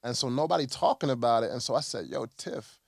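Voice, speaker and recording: A man from Chicago, a podcast guest, chatting casually and telling a lively story, often acting out other people's lines. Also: medium pitch, fast talker, gravelly, no echo, studio quality. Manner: animated storyteller, acts out quoted voices, lots of fillers. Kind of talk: casual interview chat.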